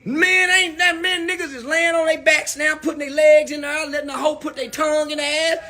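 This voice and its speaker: High-pitched man ranting loudly. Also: fairly quick, echoey room, faint music behind. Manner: animated, profane storytelling with loud outbursts. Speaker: commentator. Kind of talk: ranting monologue.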